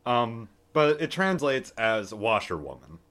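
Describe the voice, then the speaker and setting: A man's voice: mid-range voice, big pitch swings, a little slow, a bit bright. A man in his twenties from the United States, co-hosting a casual podcast and chatting in a joking, rambling way with fillers. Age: 20s. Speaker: podcast co-host. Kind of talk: casual chat.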